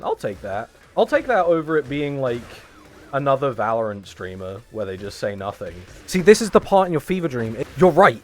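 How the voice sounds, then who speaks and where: Hyper swearing male streamer, rambling. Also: a little hiss or hum. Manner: jumps between loud high bursts and low mutters. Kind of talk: casual stream chatter.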